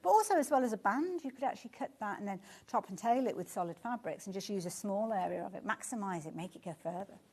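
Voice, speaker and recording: A woman presenting a live shopping show, chatting warmly about the items and reacting to viewer comments with gushing enthusiasm. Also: medium pitch, lively intonation, fast talker, hardly any pauses, husky.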